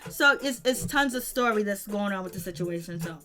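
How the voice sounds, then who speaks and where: A woman hosting a casual live commentary, talking in slangy, animated asides straight to her viewers. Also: medium pitch, brisk, music in the background. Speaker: reality-TV commentary host.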